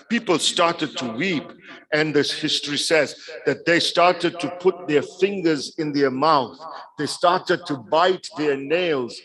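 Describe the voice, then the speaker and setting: A man's voice: a little high, takes it slowly, a crowd in the background, low-quality recording. A man giving a religious sermon over a video call. He speaks with emphasis and often checks in with his listeners by asking 'yes?'. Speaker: preacher.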